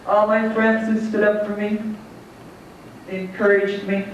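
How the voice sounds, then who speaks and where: A woman's voice: medium pitch, takes it slowly, pauses often, a little hiss or hum. A folksy woman gives an award acceptance speech, thanking friends and telling a joke that she laughs along with. She stands well back from the microphone in a big echoing hall. The sound is dull and muffled. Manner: folksy, laughs at her own jokes. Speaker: award recipient giving thanks. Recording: echoey hall, distant mic, dull sound.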